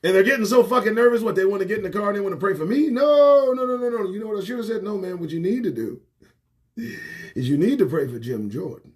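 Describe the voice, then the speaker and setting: A man hosting his own livestream show, ranting to camera with lots of swearing, jumping between loud outbursts and muttered asides, recorded indoors on a small home set. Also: high-pitched, lively intonation, quick pace. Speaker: host. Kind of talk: profane political rant to camera. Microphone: phone or webcam livestream.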